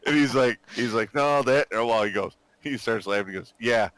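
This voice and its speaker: A man's voice: on the low side, brisk, fairly bright tone, no room sound. A man in his forties telling a profane story in casual chat, swearing constantly and acting out quotes while still sick. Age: 40s. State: recovering from illness, coughing. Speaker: gamer chatting with squadmates.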